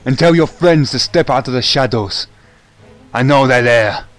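A man's voice: medium pitch, moderate pace, no echo, faint music behind, lightly acted. A man voicing a hostile woman brigand who barks commands in a tabletop game. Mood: barking threat. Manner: barked, commanding shouts.

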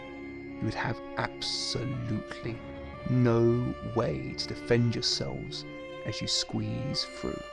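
A man narrating as game master of a tabletop game, dry and deadpan with curt answers. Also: medium pitch, gravelly.

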